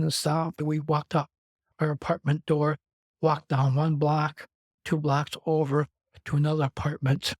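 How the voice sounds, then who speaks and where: A man's voice: a little high, a little mellow, no echo. A man from Wisconsin telling his personal story as an interview guest, in a rambling, conversational way that strings clauses together with "and". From Wisconsin, USA.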